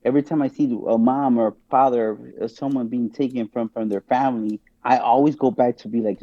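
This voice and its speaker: A man's voice: medium pitch, steady tone, fairly quick, few pauses, dry recording, dull audio. A man on a podcast as a guest, arguing his views in casual, emphatic talk that returns again and again to rhetorical questions. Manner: emphatic, keeps asking "guess what". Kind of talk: casual opinionated discussion.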